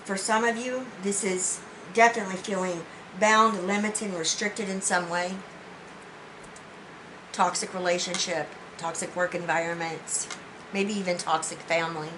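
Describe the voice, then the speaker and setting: Emotional and close to tears, a woman tarot reader delivers a spiritual reading earnestly and from the heart, with many restarts and frequent uses of "you know." She speaks at a moderate pace in a lowish voice with fairly even intonation, over background noise.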